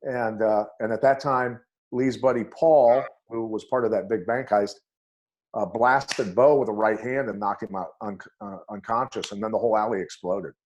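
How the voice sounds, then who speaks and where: A man's voice: lowish voice, moderate pace, lo-fi sound. A middle-aged man, a former fight coach, telling anecdotes bluntly and with animation as a podcast guest. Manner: blunt and animated, acts out voices in his anecdotes. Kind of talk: storytelling on a podcast interview.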